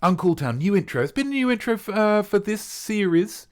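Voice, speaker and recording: A man's voice: high-pitched, animated, brisk. Posh english guy hamming it up on a live stream, voice jumps all over the place. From England. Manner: grandiose, theatrical, playfully pompous. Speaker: streamer host. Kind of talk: live-streamed character comedy.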